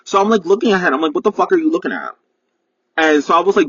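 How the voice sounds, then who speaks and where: Young male podcast host, dramatic foul-mouthed rambler, slightly husky voice, dull dry recording from a car. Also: fairly high pitch, quick pace, dry recording. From New York. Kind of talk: casual solo storytelling rant. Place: parked car. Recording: dull, muffled sound.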